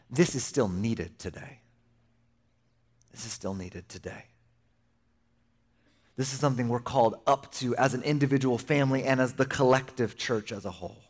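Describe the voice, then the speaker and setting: Young male pastor, a little high-voiced, lively conversational sermon with jokey asides. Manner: conversational and animated, with playful asides and acted-out quotes.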